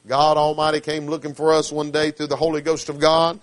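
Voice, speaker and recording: Man, preacher, sermon, slightly higher voice, hushed to fervent swings, dry sound. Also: completely flat delivery, brisk, few pauses, no echo. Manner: swings from hushed to fervent, with dialect grammar and call-outs.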